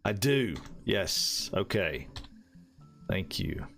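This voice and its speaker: Excitable gravelly streamer man. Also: sits low, extremely slow, soft background music. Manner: excitable, swearing, laughing exclamations. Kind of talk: live gameplay commentary.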